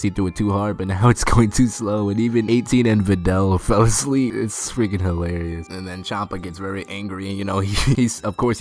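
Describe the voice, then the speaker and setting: Man, very low voice, casual video recap host, chuckles through his lines, light music underneath. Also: a little mellow. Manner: laughs often, loose slangy chatter. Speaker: video creator recapping an anime episode.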